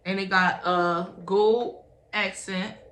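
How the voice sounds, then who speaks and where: A woman's voice: mid-range voice, steady tone, slow, a bit bright. A woman chatting casually through a product review, calling on her viewers with "y'all" again and again. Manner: chatty, says "y'all" constantly. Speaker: beauty vlogger. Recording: roomy echo, faint background hum.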